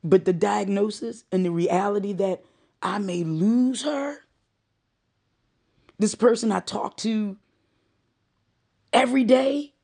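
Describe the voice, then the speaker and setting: A woman's voice: medium pitch, slow, creaky, long pauses, warm tone. A middle-aged woman giving a heartfelt monologue, with emphatic, repeated phrases and moments of choking up. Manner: emotional, choking up.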